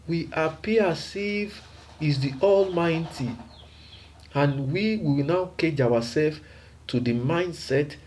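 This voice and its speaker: A man's voice: a little high, darkish tone. A man preaching a sermon emphatically, with rhetorical questions and repeated phrases.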